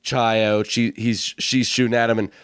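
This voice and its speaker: A man's voice: mid-range voice, level tone, normal speed, clear, resonant tone, dry recording, studio quality. A man co-hosting a podcast, loosely retelling a movie plot in casual chat with lots of "like" and laughter. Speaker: podcast co-host.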